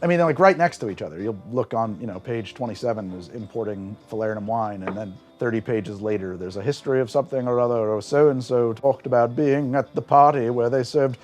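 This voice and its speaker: A man with a middle-pitched voice hosts a cocktail show and explains a drink's history in a lively, storytelling way. His emphasis rises and falls sharply. He turns quieter and more reflective when he tastes and names the flavors, with faint music under his talk. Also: a little fast, hardly any pauses. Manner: animated storytelling with big swings in emphasis; tastes and describes aloud in a quieter voice. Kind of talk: conversational explainer.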